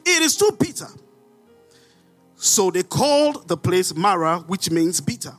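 Animated high-voiced Nigerian preacher. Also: male voice, unhurried, faint music behind. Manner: animated preaching, rhetorical questions, sudden shouts. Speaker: pastor. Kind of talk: sermon.

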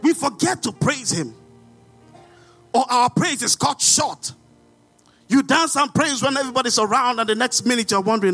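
A man with a Nigerian accent preaching a sermon as pastor, animated with rhetorical questions and sudden shouts. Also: extremely high pitch, moderate pace, pauses often, faint music behind.

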